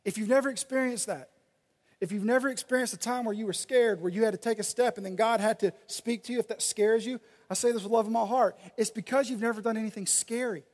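A male pastor preaching a sermon and reading scripture aloud, swinging between loud and soft delivery. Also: sits high, fast. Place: church sanctuary. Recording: long reverb of a large hall.

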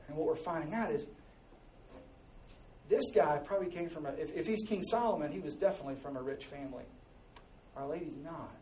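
A man preaching a sermon to a congregation, animated and joking, his voice rising and dropping as he reads and explains scripture. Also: high voice. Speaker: pastor. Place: large church hall. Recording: echoey hall, mic at a distance.

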